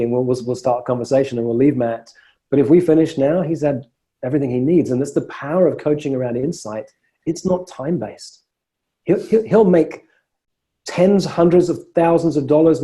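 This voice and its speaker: A man's voice: mid-range voice, mellow. A man coaching clients on a call, emphatic and often repeating words as he starts a phrase. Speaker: coach and host.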